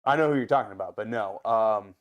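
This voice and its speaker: A man with an Ohio accent, a restaurant owner and guest, telling stories in an animated, casual way and swearing freely. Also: lowish voice, quick pace, highs cut off. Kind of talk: casual storytelling.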